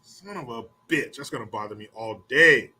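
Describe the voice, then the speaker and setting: With a mid-range voice that's bright and forceful with a breathy edge, this man hosts a podcast and rambles through a story. He swears often, keeps things casual and profane, and throws in quick mocking impressions.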